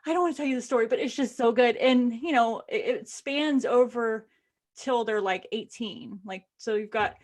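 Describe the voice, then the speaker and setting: Gushing, animated woman, somewhat high. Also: normal speed. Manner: animated and gushing, lots of fillers. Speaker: podcast co-host. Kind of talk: casual chat, retelling a book plot.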